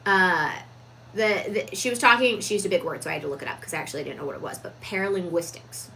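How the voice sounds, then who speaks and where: A woman giving a reflective, casual talk on personal growth, deliberate with frequent fillers. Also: lowish voice, pushed and bright, slight background noise, rough recording. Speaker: self-improvement vlogger.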